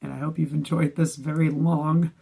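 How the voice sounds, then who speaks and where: A man giving a comedic reaction rant about anime videos, gushing and excitable, swearing often. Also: on the high side, normal speed, creaky, slightly rough. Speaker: anime YouTube reviewer.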